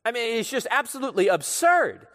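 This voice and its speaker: A pastor preaching an expository sermon, emphatic, with sudden rises and falls in loudness. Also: male voice, extremely high pitch, very animated, brisk, big-room sound.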